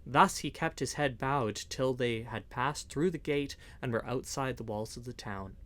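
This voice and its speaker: A man narrating an old-fashioned adventure story, reading it aloud in a measured, expressive way. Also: medium pitch. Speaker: audiobook reader.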